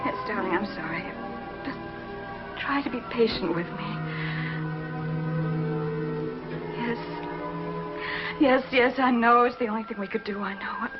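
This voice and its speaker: An actress playing a lonely, desperate woman who pleads in halting, tearful phrases, in 1950s TV drama style. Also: on the high side, over loud music, lightly acted. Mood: pleading. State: crying. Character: lonely desperate woman pleading with her lost love by telephone. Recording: dull old TV soundtrack with orchestral score.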